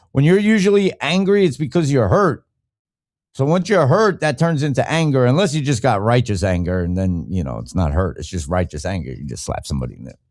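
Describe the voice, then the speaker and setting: A man hosting a podcast, reacting to clips in a blunt, rambling, profane way and laughing at his own jokes. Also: mid-range voice. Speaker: podcast host. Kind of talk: casual reaction commentary.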